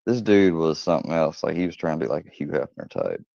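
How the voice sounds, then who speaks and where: A man with a very deep voice rambles through a profane story, cursing freely and laughing along. He sounds dry and close, with no room around him. The recording is dull and lo-fi. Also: sing-song, fast talker, creaky, mellow, dry recording. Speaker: channel host. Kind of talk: casual storytelling monologue.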